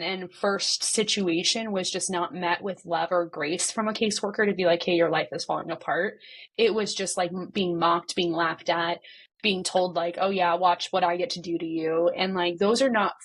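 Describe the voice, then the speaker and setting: A podcast guest, a woman in her thirties with a mid-range voice, retells a personal story, using lots of "like" and acting out the dialogue.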